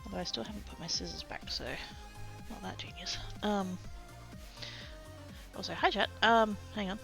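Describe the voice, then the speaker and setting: A woman's voice: medium pitch, moderate pace, creaky, fairly bright tone, faint music behind. A woman chatting casually to her livestream chat while sorting craft supplies, self-mocking and rambling. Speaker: craft streamer.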